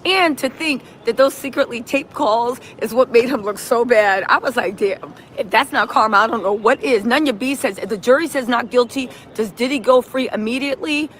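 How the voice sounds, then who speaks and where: A woman's voice: moderate pace, hardly any pauses, a little hiss or hum. A woman hosting a live reaction stream, talking animatedly and reading out viewer comments. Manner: animated, acts out quotes in a shrill yelling voice; reads viewer comments and greets chat.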